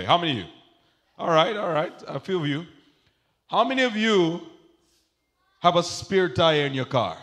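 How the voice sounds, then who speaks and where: A man preaching a sermon as pastor to his congregation. He calls out to them for responses, and his delivery swings between soft asides and shouted emphasis. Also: high voice, big pitch swings, moderate pace, long pauses.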